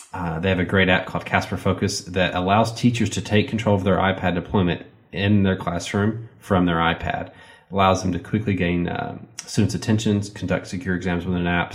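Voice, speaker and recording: A man with a Southern American accent, co-hosting a podcast in a relaxed, rambling way with many fillers. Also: sits low. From Southern United States. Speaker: podcast co-host. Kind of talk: casual podcast chat with sponsor reads.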